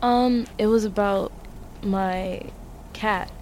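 Young-sounding woman client, hesitant, halting speech. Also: medium pitch, fairly even intonation, darkish tone, a little hiss or hum. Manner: hesitant, many fillers. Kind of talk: casual chat.

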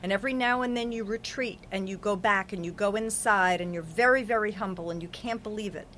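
Lady giving a psychic reading, repeats herself a lot, soft background noise. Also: medium pitch, fairly quick. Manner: earnest, affirming, repetitive. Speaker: psychic reader. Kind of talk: spiritual reading on a podcast.

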